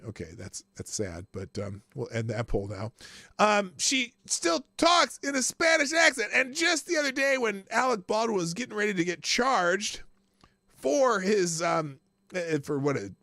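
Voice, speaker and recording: A man's voice: high-pitched, sing-song, measured pace, sharp tone, dry recording, studio quality. A male host giving casual live commentary, crude and mocking, often breaking into laughter.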